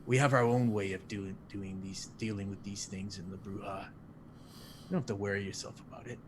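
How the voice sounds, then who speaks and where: A man's voice: lowish voice, steady tone, a little fast, a little hiss or hum, lightly acted. A man voicing a bitter, proud male vampire guide who speaks in clipped, tense lines. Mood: stung.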